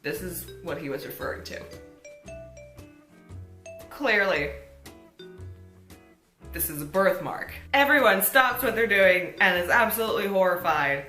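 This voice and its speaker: A woman telling a story on her vlog, wry and sardonic in her asides. Her voice is bright and carries well. The room is echoey, with faint music playing behind her. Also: on the low side, lively intonation, measured pace, long pauses. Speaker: vlogger.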